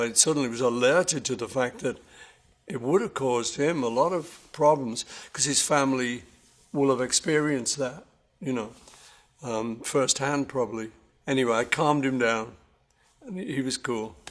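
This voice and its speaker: A man being interviewed about his songs, telling stories in a relaxed, rambling way with many self-corrections. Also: a little high. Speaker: interviewee musician. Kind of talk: casual anecdotal storytelling.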